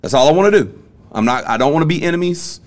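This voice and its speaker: A man's voice: a little high, lively intonation, quick pace. A man, hosting a casual podcast and telling a story bluntly. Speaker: podcast host.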